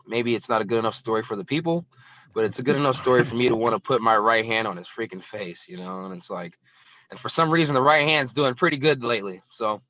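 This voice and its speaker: A man's voice: medium pitch, a bit bright. A young man, a professional fighter, rambling through casual interview answers with openly hostile trash talk. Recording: dull lo-fi dry sound.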